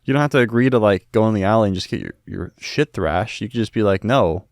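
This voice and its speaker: A man's voice: fairly low pitch, fast, creaky, dry recording, studio quality. A man co-hosting a podcast, joking crudely and animatedly while recapping a movie. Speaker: podcast co-host. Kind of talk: casual movie-recap chat.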